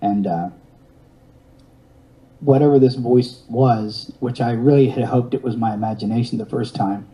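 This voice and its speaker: A man in his fifties with a soft, mellow tone, spinning a long personal tale for an interviewer. He wanders through it with restarts and a wry, self-mocking humor, and his pitch sits in an ordinary middle range. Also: moderate pace, long pauses, poor audio. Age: 50s. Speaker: guest telling a personal story. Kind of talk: storytelling in an interview.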